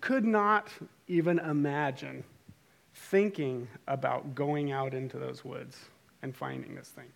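Gravelly man telling a story. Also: medium pitch, a little slow. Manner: animated, self-amused, rambling. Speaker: speaker telling a story to a group. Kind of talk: casual storytelling.

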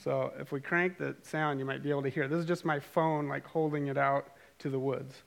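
A middle-aged man telling a story casually to a live audience, animated and self-amused, with rambling asides. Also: mid-range voice, fairly quick, gravelly. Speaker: speaker telling a story to a group.

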